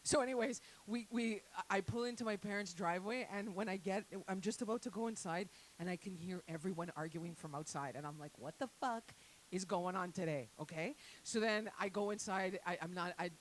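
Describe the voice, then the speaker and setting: A woman's voice: medium pitch, a little fast, a little hiss or hum, low-quality recording. A woman doing a crude, rambling stand-up set with lots of asides to the crowd. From Italian-Canadian family. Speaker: stand-up comedian. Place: comedy night venue.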